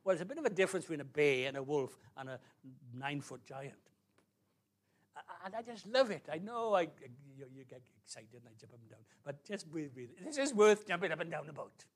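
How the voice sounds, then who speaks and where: Animated preacher, man. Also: fairly high pitch, fairly quick. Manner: animated, exclamatory storytelling. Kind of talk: sermon.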